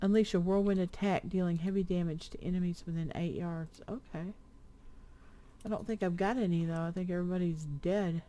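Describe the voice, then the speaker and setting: Mellow older woman chatting while gaming. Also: lowish voice, steady tone. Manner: chatty, reads quest text aloud slowly. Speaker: streamer playing an online game with her husband. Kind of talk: casual gameplay chat.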